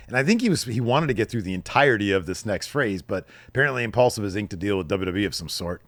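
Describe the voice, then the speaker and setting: A podcast co-host casually recaps wrestling, cracking jokes, swearing freely and reading out promos with emphasis. His voice is fairly low and fairly bright, with lively intonation, fast delivery and few pauses, and there is no echo.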